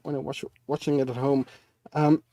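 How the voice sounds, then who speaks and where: A man's voice: medium pitch, level tone, moderate pace, mellow, no room sound. A man co-hosting a casual film chat, thoughtful and hesitant, laughing often. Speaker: co-host. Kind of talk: casual chat about films.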